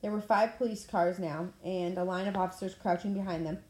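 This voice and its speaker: A woman reading a novel aloud in a plain manner, now and then clearing her throat. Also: lowish voice, fairly even intonation, brisk, darkish tone. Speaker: audiobook reader. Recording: echoey room.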